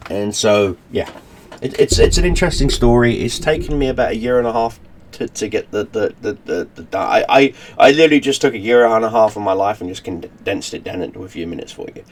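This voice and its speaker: Rambling low-voiced man. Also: animated, a little fast, slight background noise. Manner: rambling, many restarts and fillers. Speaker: channel host. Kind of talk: casual story recap to camera.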